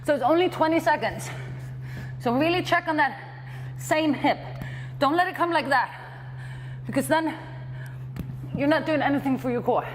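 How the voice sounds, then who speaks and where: A woman's voice: sits high, normal speed, long pauses, big-room sound, slight background noise. A woman fitness trainer coaching a workout class, encouraging and out of breath between exercises.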